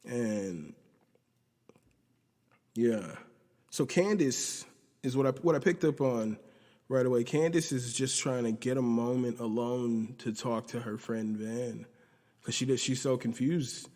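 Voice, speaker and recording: Male podcast host, mid-pitched, rambling and profane episode recap, low-quality audio with a long echo. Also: slow pace, pauses often, darkish tone. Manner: rambling, profane, retells scenes by quoting characters.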